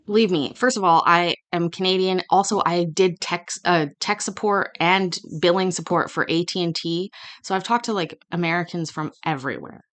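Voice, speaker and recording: A woman's voice: lowish voice, moderate pace, fairly bright tone, no room sound. A woman hosting a casual commentary over court footage, rambling with restarts and asides.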